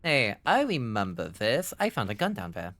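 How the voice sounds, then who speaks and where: A man with a lowish voice and a faint, faded German accent streams live gameplay. He reacts with excitable, foul-mouthed commentary and is quick to break into laughter.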